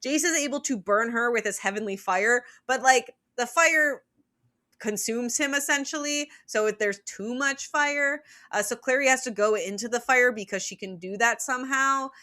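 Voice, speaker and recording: A woman's voice: on the high side, moderate pace, sharp tone. A woman co-hosting a podcast, recapping a novel with blunt opinions and a rambling, filler-heavy delivery. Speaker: podcast co-host. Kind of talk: casual book-recap chat.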